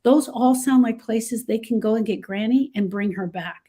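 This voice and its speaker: A woman's voice: on the high side, normal speed, warm tone, slightly rough. A woman grief specialist giving earnest, emphatic advice in a discussion. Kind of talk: instructive discussion.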